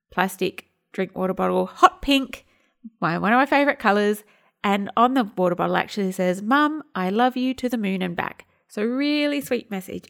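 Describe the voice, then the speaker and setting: A woman's voice: fairly high pitch, vocal fry. A woman in her thirties hosting a podcast, telling a family story in a casual, chatty way and acting out the dialogue. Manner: chatty, acts out quoted dialogue. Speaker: podcast host and home detox teacher.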